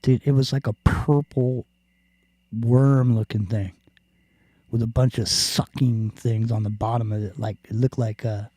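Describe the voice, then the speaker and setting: A man's voice: medium pitch, mellow, breathy edge, no room sound. A man hosting a podcast in casual chat, rambling and joking with plenty of swearing. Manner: rambling, profane, jokey. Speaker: podcast host.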